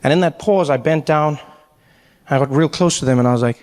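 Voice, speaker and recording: A man doing stand-up storytelling in a big theater, animated and jumping between voices. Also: fairly high pitch, fairly quick. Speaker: stand-up comedian. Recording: live hall with long reverb.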